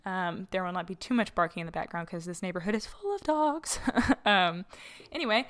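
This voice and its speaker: A woman's voice: fairly low pitch, a little fast, a bit bright. A young woman hosting a casual solo podcast, talking in a chatty way with frequent fillers and laughs, recorded on her own mic in a house. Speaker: podcast host. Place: borrowed house, slightly echoey room.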